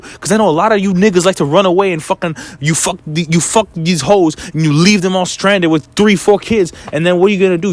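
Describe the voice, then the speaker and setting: A man ranting to his viewers in a blunt, profane, heated way, giving life advice. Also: high voice. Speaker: vlogger. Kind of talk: casual rant to camera.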